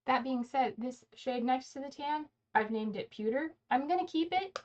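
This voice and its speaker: High-pitched and animated at a moderate pace, this beauty livestreamer talks loosely through her makeup routine, regularly fixing her words partway through a sentence. The lo-fi recording sounds a bit dull.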